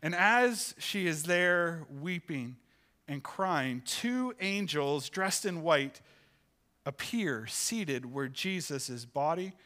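Male pastor, sermon delivery, expressive storyteller, bright tense tone. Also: slow pace. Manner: expressive, pitch rises for acted quotes. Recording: church sanctuary, live sermon.

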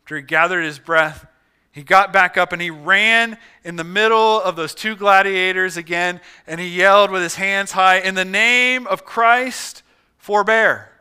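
A male pastor preaching a sermon as a dramatic story, dropping to a hush and then rising loud. His voice is high and very bright, with a smooth, ringing clarity. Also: steady tone, moderate pace.

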